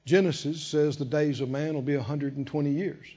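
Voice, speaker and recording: A man's voice: a little high, steady tone, fairly quick, dark tone, slightly rough, big-room sound, lo-fi sound. A man preaching a sermon, emphatic and calling out to the congregation. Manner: emphatic, call-and-response preaching.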